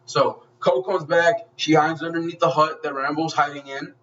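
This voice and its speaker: A man's voice: on the high side, fairly even intonation, moderate pace, fairly bright tone, recorded from a distance, highs cut off, slight background noise. A man giving a casual spoken movie review, gushing and swearing freely as he rambles through the plot with many restarts.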